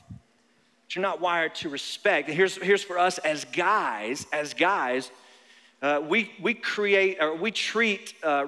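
A young male pastor preaching with a high, bright voice that rings out in a large church hall. He is animated and jokes a lot, and he doubles up his phrases for emphasis. The long reverb of the auditorium trails after each line. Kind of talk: sermon.

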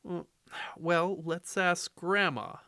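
A man's voice: sits high, slow pace, bright, forceful tone, clear, resonant tone, no echo, clean studio sound, pitched above the performer's own voice, exaggerated voice. A man doing a flustered, rambling mother. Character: flustered mother talking to her young son.

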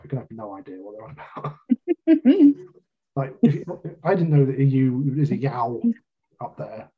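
A British man talks in an easy, rambling way, full of jokey asides at his own expense. His voice is husky and slightly rough, at an ordinary pitch. The recording sounds a little dull and lo-fi. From Britain. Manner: chatty, self-deprecating, jokey asides. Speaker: author being interviewed. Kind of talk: casual interview chat.

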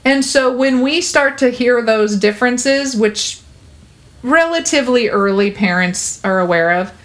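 A woman's voice: on the high side, unhurried. A woman talking earnestly and reassuringly in an interview about caring for babies, with plenty of fillers. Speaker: parenting guest. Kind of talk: conversational interview.

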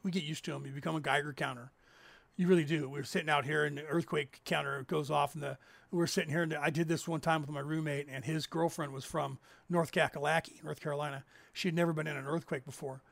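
A man in his fifties from California, rambling casually as he hosts a livestream and tells stories, with a raspy edge. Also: fairly high pitch, fairly even intonation, fast, fairly bright tone, no room sound. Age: 50s. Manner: rambling storyteller, acts out others' lines in raised voices. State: raspy from COPD. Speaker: livestream host.

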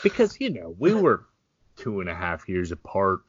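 A man's voice: deep voice, wildly swooping pitch, normal speed, husky, no echo. A man co-hosting a podcast in laid-back, profane casual chat, laughing often. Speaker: podcast co-host. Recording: dull lo-fi sound.

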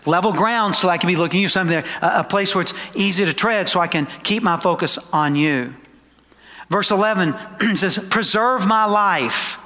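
Male pastor, slightly high and bright, emphatic sermon delivery with casual asides; church hall with a long echo. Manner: emphatic preaching, slows for quoted scripture; conversational asides to the congregation. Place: church sanctuary.

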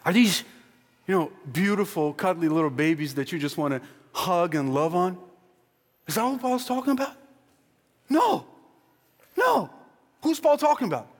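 A pastor preaching a sermon to his congregation, asking question after question and swinging from near-shouts down to quiet, slow lines. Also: sing-song. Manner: emphatic, questioning, rising to near-shouts then dropping low. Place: church sanctuary. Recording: long hall reverb.

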